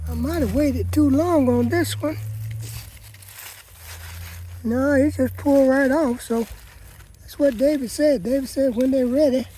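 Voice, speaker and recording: A man's voice: extremely high pitch, mellow, a little hiss or hum. A man chatting folksily to viewers as he walks his vegetable garden, often calling them "people.". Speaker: gardening vlogger. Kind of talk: casual garden walkabout vlog.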